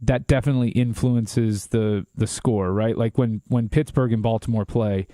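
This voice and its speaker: A man's voice: fairly low pitch, fairly even intonation, warm tone, dry recording, clean studio sound. Opinionated man talking sports. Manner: confident, opinionated, rapid predictions. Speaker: sports show co-host. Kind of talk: casual sports talk.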